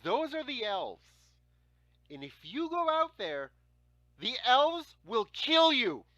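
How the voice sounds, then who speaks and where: A man's voice: extremely high pitch, very animated, slow pace, pushed and bright, dry recording, highs cut off, voice pushed up, heavily acted. A man putting on the voice of his older brother as a boy, drawing out a spooky warning in a raised voice. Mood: ominous.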